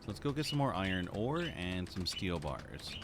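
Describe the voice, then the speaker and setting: A man's voice: low-pitched, very animated, moderate pace, noisy background. A man casually chatting while streaming a game, rambling and restarting his phrases. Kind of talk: casual live-stream chat.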